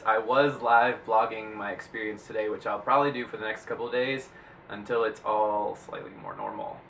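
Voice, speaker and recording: A young man vlogging in a chatty, rambling way, full of "like" and excitable bursts. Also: fairly low pitch, moderate pace, gravelly, far from the mic, slight background noise, rough recording. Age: young adult. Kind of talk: casual vlog monologue.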